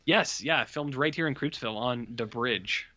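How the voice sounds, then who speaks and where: A man co-hosting a podcast, casually retelling a horror film in a rambling, animated way. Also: medium pitch, moderate pace, dry recording, lo-fi sound. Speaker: podcast co-host reviewing horror films. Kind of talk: casual chat.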